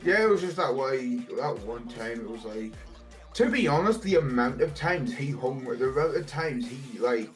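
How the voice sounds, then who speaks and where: A man's voice: medium pitch, expressive, normal speed. Young man, casual stream chat, rambling storyteller, faint music underneath. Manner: rambling, swears a lot, laughs at his own stories.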